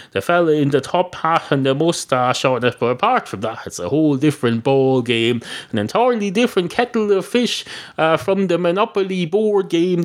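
An Irish man hosting a solo comedy podcast, talking in a deadpan, digressive way with many fillers. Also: mid-range voice. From Ireland. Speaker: podcast host. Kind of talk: rambling solo comedy monologue.

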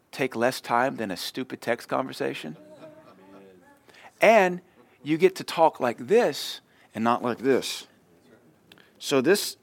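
A man's voice: medium pitch, fairly bright tone. A man pastor giving a sermon in a conversational way, acting out short everyday exchanges. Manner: conversational preaching, acts out short dialogues.

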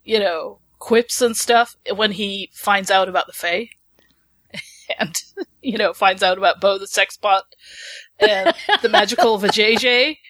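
A woman co-hosting a podcast, animated and giggly, often breaking into laughter as she talks. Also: medium pitch, measured pace, no echo. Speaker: podcast co-host. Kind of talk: casual podcast chat.

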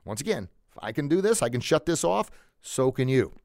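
A man's voice: medium pitch, very animated, a little fast, creaky, a little mellow, no room sound, clean studio sound. A man hosting a motivational podcast, speaking with energy and emphasis, repeating phrases and chuckling now and then. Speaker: podcast host.

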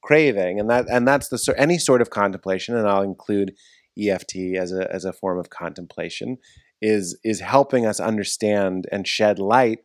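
A man's voice: fairly low pitch, normal speed, no room sound, clean studio sound. A man, a podcast host, in casual conversation, rambling and restarting his sentences. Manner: rambling, self-interrupting, with frequent restarts.

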